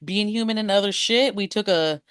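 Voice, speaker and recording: A woman's voice: medium pitch, moderate pace, a bit bright, clean tone, no echo, clean studio sound. A woman co-hosting a podcast in casual chat, laid-back, swearing freely and laughing often. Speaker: podcast co-host.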